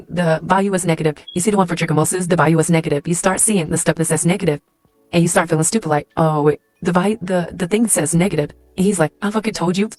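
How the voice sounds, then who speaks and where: A woman's voice: lowish voice, a little mellow, dry recording. A woman telling a casual storytime in second person, profane, acting out the quoted lines. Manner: fast, profane, acts out quoted dialogue. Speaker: storyteller in a clip.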